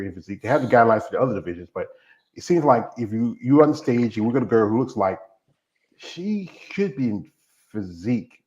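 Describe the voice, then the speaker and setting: A man's voice: mid-range voice, darkish tone. A man hosting an interview, talking casually and rambling with half-finished sentences. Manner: rambling, easygoing, trails off mid-sentence. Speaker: interview host. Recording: dull lo-fi recording.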